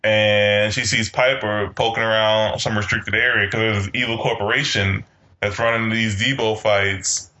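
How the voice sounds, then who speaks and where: A man co-hosting a podcast, recapping a movie plot in a crude, deadpan, casual way. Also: lowish voice, normal speed, lo-fi sound. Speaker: podcast co-host. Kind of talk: casual movie review chat.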